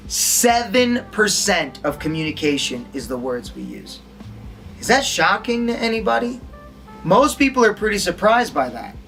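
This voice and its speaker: Animated male acting instructor. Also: fairly high pitch. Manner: animated, demonstrates tones and quizzes listeners. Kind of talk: recorded lesson to an audience.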